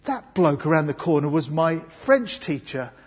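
Preaching on Easter in a church, this Englishman is earnest and emphatic, slowing down to dwell on important words in a sing-song manner. His voice is breathy and somewhat high for a man, heard through dull sound with the lengthy echo of a big hall.

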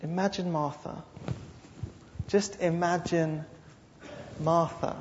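A man preaches a sermon full of dramatic storytelling and repeated phrases, his voice on the high side, slow, somewhat mellow and fairly even in intonation. The lo-fi recording sounds dull, with slight background noise and a long hall reverb.

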